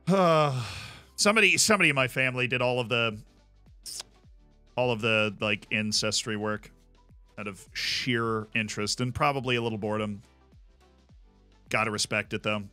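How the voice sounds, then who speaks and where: A man's voice: lowish voice, sharp tone, clear, resonant tone, dry recording. An American man chatting casually and rambling on his live stream, reacting aloud to the game as he plays. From United States. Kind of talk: casual live-stream chat while gaming.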